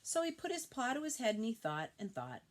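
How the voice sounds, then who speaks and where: A woman reading a picture book aloud to children, expressive and pausing to point out the pictures. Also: a little high. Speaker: storybook reader.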